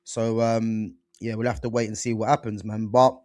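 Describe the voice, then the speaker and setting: A man's voice: on the low side, normal speed, dry recording, studio quality. Chatty man hosting a football show. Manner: animated, slangy, lots of fillers and restarts. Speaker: football podcast host. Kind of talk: casual football chat.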